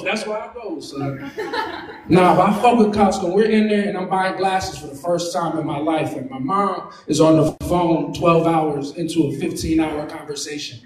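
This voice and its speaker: A young man doing brash, animated stand-up storytelling, swearing freely. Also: a little high, normal speed. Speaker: stand-up comic. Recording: roomy club sound from a distance. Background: laughing crowd.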